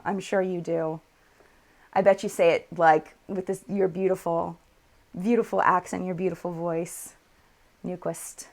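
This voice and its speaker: A woman's voice: fairly low pitch, vocal fry. Woman, American accent, casual live-stream chat, reads comments aloud, swatches makeup. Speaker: beauty YouTuber hosting a live chat.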